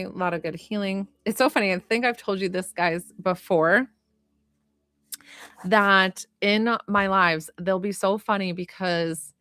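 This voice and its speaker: Gentle and unhurried, a medium and healer addresses her viewers in a live-streamed reading and healing session, with plenty of fillers. Her voice sits in the mid range, captured in studio quality with no room sound.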